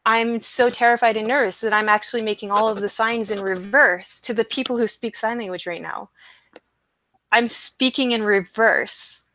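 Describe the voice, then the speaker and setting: Excitable young woman live-streaming. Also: fairly high pitch, dry recording. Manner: excited, rambling, with fillers and disclaimers. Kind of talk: casual live-stream talk. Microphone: computer mic, screen sharing.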